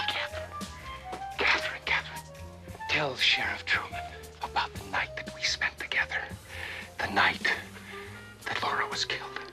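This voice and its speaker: A man's voice: very high voice, exaggerated voice. An actor playing a scheming, theatrical middle-aged businessman in a TV drama, with florid, melodramatic pleading. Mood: frantic. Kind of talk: TV drama acting. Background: music.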